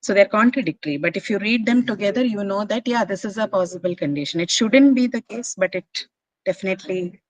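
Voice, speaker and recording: In a classroom lecture, a woman with a mid-range voice briskly explains figures of speech, patiently making sure her students understand. She teaches English literature, and the recording is rough but has no room sound.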